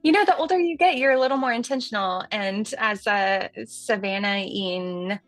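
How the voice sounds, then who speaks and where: A woman in her thirties with a light Southern accent, hosting a casual software tutorial in a chatty, folksy way. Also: mid-range voice, normal speed, no room sound, faint music behind. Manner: chatty and folksy, says y'all, laughs at herself. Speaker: livestream host demonstrating software.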